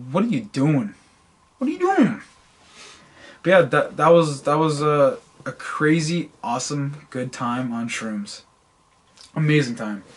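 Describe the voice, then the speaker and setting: A young-sounding podcast co-host with a medium-pitched voice tells stories in casual chat. He stammers and repeats words as he goes.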